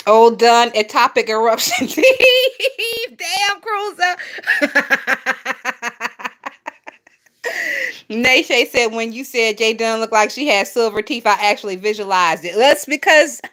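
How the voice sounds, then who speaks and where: A woman's voice: a little high, pushed and bright. A young woman hosting a casual gossip stream, reading viewer comments aloud and reacting bluntly with lots of swearing and frequent laughter. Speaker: commentary channel host.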